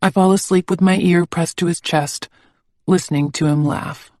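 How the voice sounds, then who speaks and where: A woman reading a first-person audiobook aloud in a hushed, intimate narrating voice. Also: lowish voice, steady tone, moderate pace, no echo, studio quality.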